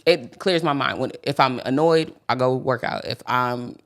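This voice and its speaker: A woman's voice: rumbling low, moderate pace. A woman in her thirties co-hosting a podcast, chatting casually and rambling with lots of fillers. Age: 30s. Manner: animated storyteller who acts out quotes. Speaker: podcast co-host. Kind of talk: casual chat.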